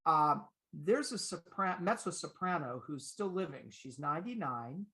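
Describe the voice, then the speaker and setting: A middle-aged man, a vocal coach and pianist, chatting in an interview and telling stories with lively warmth. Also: a little high, unhurried. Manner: lively anecdotal storyteller. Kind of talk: conversational interview.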